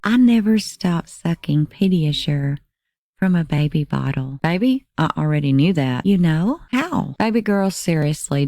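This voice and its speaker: Crime narrator, female: deep, mellow read of text messages, dry close sound. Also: dry recording. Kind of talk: reading text messages aloud.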